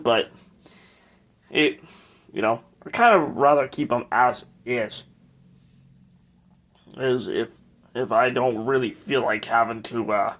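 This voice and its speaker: A man hosting a casual tour of his ceiling fan collection, speaking in a hesitant, rambling way with frequent restarts. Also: medium pitch.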